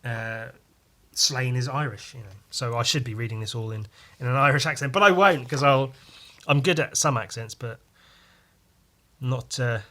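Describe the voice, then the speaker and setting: A man's voice: medium pitch, moderate pace, pauses often, bright, forceful tone. A man hosting a podcast, paging through a comic with casual, profane, rambling and jokey commentary. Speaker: podcast host.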